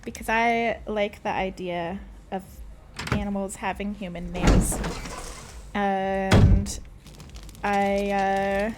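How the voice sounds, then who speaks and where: A woman's voice: medium pitch, level tone, slow, long pauses, heavy background noise. A woman streaming a horror video game, chatting casually and playfully to her chat and her cat, with self-mocking asides. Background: loud video game music.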